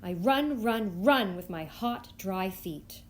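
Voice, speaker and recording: A woman reading a picture book aloud for young children at storytime, voicing the young narrator with bright, lifted lines. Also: slow. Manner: expressive, lifting high for the child's voice. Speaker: storytime reader.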